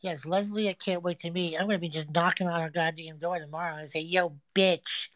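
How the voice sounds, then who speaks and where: A woman's voice: lowish voice, steady tone, fast, no room sound. Brash, crude-talking woman livestreaming. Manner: brash, crude, teasing banter. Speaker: livestream host. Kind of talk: casual livestream chat. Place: a friend's home.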